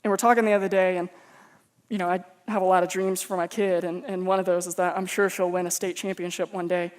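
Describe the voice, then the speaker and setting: A man's voice: high voice, level tone, fast talker, clean tone. Male pastor from Texas, casual sermon storyteller, joking and self-deprecating. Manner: humorous, conversational, self-mocking.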